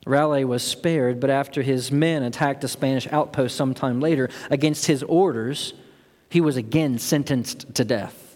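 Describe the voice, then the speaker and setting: A man's voice: mid-range voice, normal speed, darkish tone. A man preaching a sermon as pastor, earnest and building to impassioned emphasis. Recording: long hall reverb.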